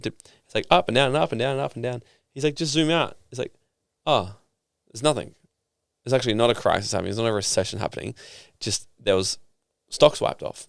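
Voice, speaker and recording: A young man, a podcast guest telling stories in a casual, animated way and swearing freely. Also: mid-range voice, vocal fry, clear, resonant tone, no room sound, studio quality. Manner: animated storytelling, swearing casually, acting out quoted people.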